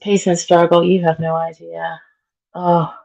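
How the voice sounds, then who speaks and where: Cleaning at home during a casual livestream, a woman chats with viewers, answers comments and laughs a lot, though sickness has worn her voice. It's fairly low, creaky and darkish, with little pitch movement and an unhurried pace. The sound is lo-fi.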